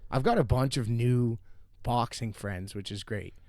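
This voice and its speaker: Young man, podcast co-host, laughing and mimicking voices, mid pitch. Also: measured pace, darkish tone, no room sound, studio quality. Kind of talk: casual chat. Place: green room.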